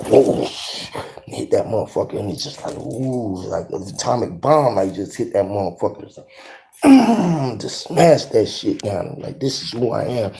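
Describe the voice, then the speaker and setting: A man's voice: on the low side, mellow. A man vlogging from his garage, giving a rambling, profane motivational monologue full of rhyming wordplay and repeated catchphrases. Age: adult. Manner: rambling, profane, rhyming wordplay, repeats "you feel what I'm saying". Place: home garage.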